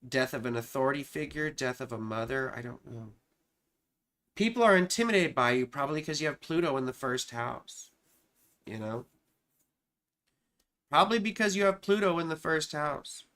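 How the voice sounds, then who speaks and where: A man hosting a casual live stream of astrology chart readings, speaking in a soft, consoling way to viewers, calling them baby and sweetheart and swearing now and then. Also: fairly high pitch, lively intonation, normal speed, pauses often. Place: home, with a cat nearby.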